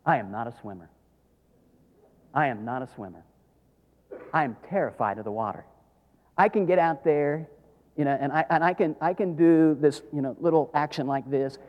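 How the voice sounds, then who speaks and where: A middle-aged man, preaching a sermon as a pastor, telling stories dramatically and swinging from hushed tones to shouts. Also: on the high side, normal speed, pauses often, highs cut off. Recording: long hall reverb.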